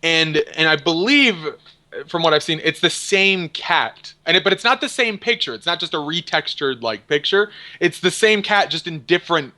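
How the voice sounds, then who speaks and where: A man's voice: a little high, animated, pushed and bright. Wisecracking man on a podcast. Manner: wisecracking, quick to laugh. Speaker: podcast co-host. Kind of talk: casual chat.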